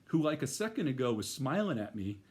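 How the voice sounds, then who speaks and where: A man's voice: medium pitch, sing-song, brisk, darkish tone. A middle-aged man telling a personal story in a casual, rambling way, full of fillers and restarts. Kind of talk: first-person spoken storytelling.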